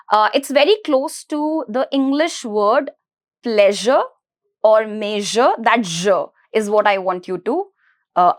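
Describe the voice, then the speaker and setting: A woman teaching a pronunciation lesson, breaking words into syllables and repeating each one slowly. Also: on the high side. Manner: slow, syllable-by-syllable with repeated drilling. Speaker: language teacher.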